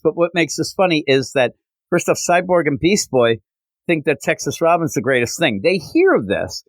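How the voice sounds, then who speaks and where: A man hosting a podcast, casually recapping a comic book issue in an animated way with frequent fillers. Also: on the high side, normal speed, no echo, rough recording. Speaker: podcast host.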